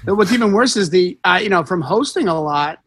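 A stand-up comedian chatting casually, his voice high and bright. He tells stories from stage in an animated way, swearing freely and acting out each line of dialogue. The sound is dry and close, with no room around it. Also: fairly quick, slightly rough, no echo. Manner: animated storytelling, swears freely, acts out quotes. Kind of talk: casual chat.

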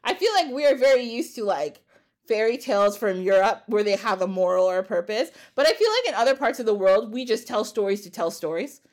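A woman podcast host casually retelling an old epic poem in a lively, laughing way. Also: medium pitch, fairly quick. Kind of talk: casual storytelling chat.

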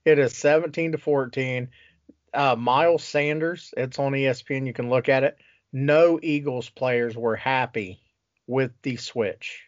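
A man's voice: mid-range voice, a little slow, no echo. A man co-hosting a casual sports talk show, ranting with exasperation and plenty of swearing. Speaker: podcast co-host. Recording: dull lo-fi sound.

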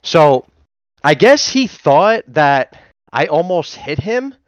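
A man co-hosting a podcast, telling a story in a casual, profane and animated way. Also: a little high, slow, no echo. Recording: dull, dry lo-fi sound.

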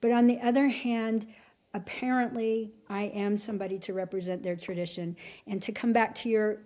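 A middle-aged woman from Alaska, a podcast guest telling her story in a casual, halting way with many restarts. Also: mid-range voice, fairly even intonation, mellow. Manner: halting, full of restarts and fillers. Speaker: podcast guest, shamanic teacher.

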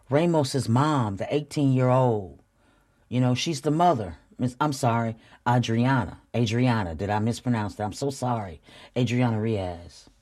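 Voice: medium pitch, darkish tone. An earnest podcast host giving a heartfelt spiritual talk, repeating phrases and calling listeners y'all. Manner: repetitive, drawn-out phrasing.

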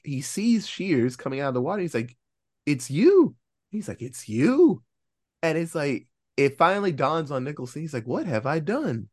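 A man co-hosting a podcast, casually recapping a film's plot with lively storytelling, acting out the characters' lines and throwing in sarcastic cheers and the odd swear. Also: on the high side. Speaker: podcast co-host reviewing a film.

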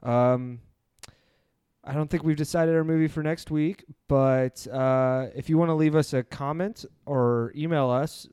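A man with a smooth, clean voice hosts a laid-back movie podcast. He rambles loosely and pokes fun at himself. The sound is dry and close, with no room around it. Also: medium pitch, steady tone, a little slow, darkish tone, no room sound. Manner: loose, rambling, self-deprecating. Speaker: podcast host. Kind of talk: casual podcast chat.

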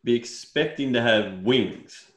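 Medium in pitch and taking it slowly, an Australian man rants in a casual podcast conversation he co-hosts, the sound reverberant. He swears and keeps calling people "mate."

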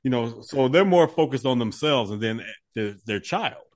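A man's voice: medium pitch, lively intonation, moderate pace, no echo, clean studio sound. A man co-hosting a podcast, explaining his points emphatically and filling his talk with "you know". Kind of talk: casual podcast chat.

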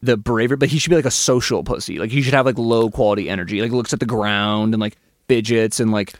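A man's voice: fairly low pitch, fairly even intonation, fast, no echo, clean studio sound. A man co-hosting a podcast who rambles casually, using lots of fillers and swearing. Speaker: podcast co-host. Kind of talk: casual chat.

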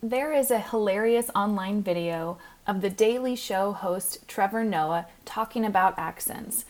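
A woman hosting a podcast, reading a scripted monologue in a clear, measured, instructive way as a pronunciation coach. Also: medium pitch.

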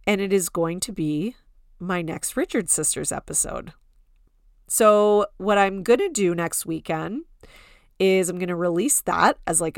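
A podcast host with a lowish voice chats in a casual gossip style, filling her talk with "like" and now and then mocking people in quoted voices. The recording is studio quality with no echo.

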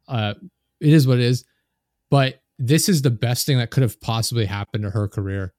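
A man's voice: medium pitch, brisk, darkish tone, no echo, clean studio sound. A man guesting on a podcast, chatting in a laid-back, matter-of-fact way with plenty of filler words. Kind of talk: casual podcast chat.

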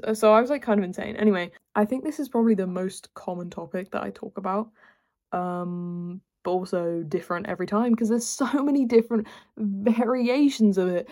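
A woman's voice: medium pitch, normal speed, mellow, soft background music. A young woman hosting a solo podcast, rambling and exasperated, full of filler words. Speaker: podcast host. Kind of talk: casual solo chat.

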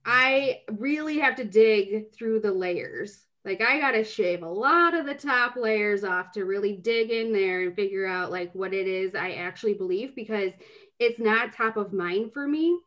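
A woman's voice: medium pitch, measured pace, fairly bright tone, muffled recording. A woman co-hosting a casual podcast, chatty and rambling, with plenty of filler words as she asks questions. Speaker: podcast co-host.

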